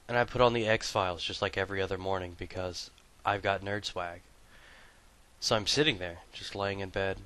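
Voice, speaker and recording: A man hosting a gaming video, telling a comic story and talking through his gear with crude, profane banter. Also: sits low. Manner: shifts from hushed storytelling to loud excited bursts. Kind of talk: comic storytelling and gameplay commentary.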